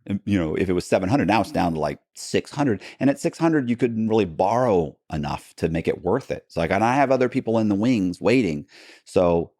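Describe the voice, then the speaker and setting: A middle-aged man, a podcast guest, telling a story in an animated, casual way, full of restarts and "bro". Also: lowish voice, no room sound, studio quality. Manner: animated, fast retelling with many restarts and "bro".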